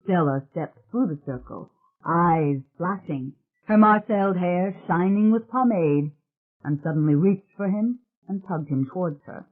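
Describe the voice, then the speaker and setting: A narrator giving a steady, dramatic reading of a suspense audiobook. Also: medium pitch, a little slow. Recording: tinny phone-like sound.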